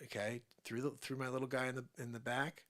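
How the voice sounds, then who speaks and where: A middle-aged man hosting a live show, ranting in an animated improvised monologue that swings between loud outbursts and low muttered asides, with mocking put-on voices. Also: quick pace. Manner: does mocking put-on voices and mock Spanish.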